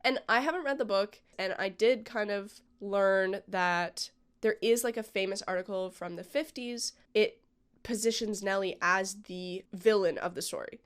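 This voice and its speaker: A woman's voice: medium pitch, moderate pace, clear, resonant tone. A woman vlogger talking casually and with strong opinions, with lots of "like" and "um". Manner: opinionated, chatty, frequent "like" and "um". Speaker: vlogger reviewing a film. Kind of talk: casual chat.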